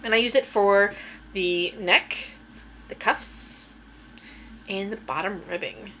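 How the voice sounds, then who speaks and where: Chatty knitting lady, rambly with lots of ums, bright clear voice, a little hiss behind. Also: mid-range voice, slow. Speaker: knitting podcast host. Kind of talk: casual show-and-tell chat.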